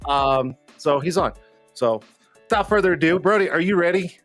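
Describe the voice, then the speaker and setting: A man's voice: a little high, normal speed, fairly bright tone, soft background music. A man hosting a casual live online show, joking and teasing his guests and laughing often. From Colorado. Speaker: livestream show host.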